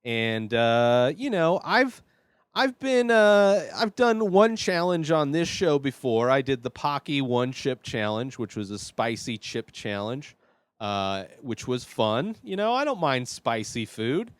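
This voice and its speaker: A man hosting his own vlog, nervous and rambling with many fillers, swinging between quiet mutters and loud outbursts. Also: mid-range voice, big pitch swings, takes it slowly, smooth, no echo. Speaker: show host. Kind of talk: casual solo vlog.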